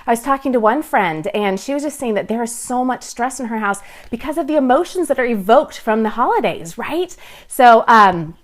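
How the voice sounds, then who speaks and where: Bubbly chatty woman, slightly high voice. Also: expressive, normal speed. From Southern California, USA. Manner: reads and answers viewer comments aloud. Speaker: blogger and livestream host. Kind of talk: casual livestream chat.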